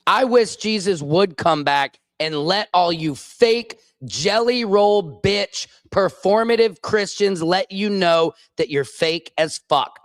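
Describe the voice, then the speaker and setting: A man rants with open fury, swearing and hammering the same phrases over and over. His voice sits fairly high, and he talks slowly and deliberately. The sound is dry and close, with no room echo. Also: a bit bright. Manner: furious, profane, repeats phrases. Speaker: comedian and show host. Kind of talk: angry political rant. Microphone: streaming microphone.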